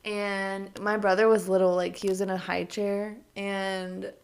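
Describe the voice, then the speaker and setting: A young woman co-hosts a casual podcast in a mid-pitched voice. She tells lively stories and acts out the quotes with plenty of swearing. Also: a little slow, gravelly, clean tone. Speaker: podcast co-host. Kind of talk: casual chat.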